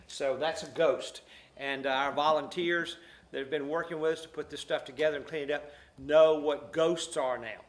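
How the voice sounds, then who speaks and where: Loud folksy Southern man, echoey room. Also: fairly high pitch. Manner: loud, folksy, explaining while pointing things out. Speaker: restoration guide. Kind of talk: casual guided walkthrough. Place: among old wooden building pieces.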